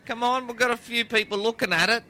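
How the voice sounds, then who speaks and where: A man's voice: very high voice, quick pace, background noise. A man playing a slick, evasive rental agent who repeats his sales patter over and over. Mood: pushy.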